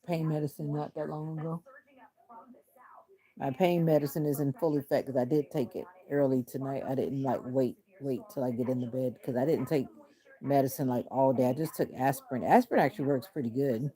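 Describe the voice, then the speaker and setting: A woman chatting casually on a livestream with her viewers in a deliberately flat, monotone manner while doing arm exercises on her couch. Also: rumbling low. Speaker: livestream host.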